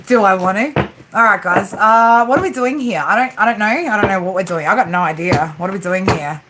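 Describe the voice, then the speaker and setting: An Australian woman in her 40s hosts a livestream as a tarot reader, chatting casually in a brisk, mid-range voice. She's chatty and teasing, joking around and tagging sentences with "right?". Steady rain drums on the flat roof of her room throughout the recording.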